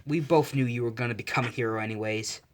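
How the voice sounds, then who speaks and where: A man's voice: mid-range voice, fast, slight background noise, close to an everyday voice. Man reading a stern upset mother.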